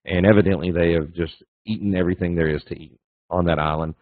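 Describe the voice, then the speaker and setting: A man's voice: low voice, steady tone, fast, no echo. Folksy man teaching over a tinny line. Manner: folksy, repetitive, acts out little voices in stories. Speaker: guest speaker on trading. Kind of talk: casual webinar teaching. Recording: dry tinny phone-like line.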